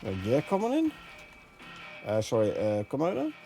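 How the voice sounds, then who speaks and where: A relaxed young man with a Dutch accent, his first language Dutch, chatting casually with his viewers as he streams a game and reads out their questions. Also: medium pitch, moderate pace, soft background music. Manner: relaxed, chatty, chuckles often, drifts between languages. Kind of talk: casual gameplay commentary, reading chat.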